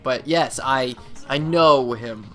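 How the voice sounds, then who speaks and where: A man's voice: mid-range voice, slow, fairly bright tone, soft background music. A young man from Canada answering viewer questions in a casual, rambling chat, full of fillers and restarts.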